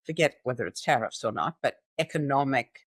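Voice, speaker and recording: Woman, podcast host, enthusiastic, lively, conversational, close dry sound. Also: rumbling low, brisk, breathy edge, dry recording. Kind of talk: conversational interview.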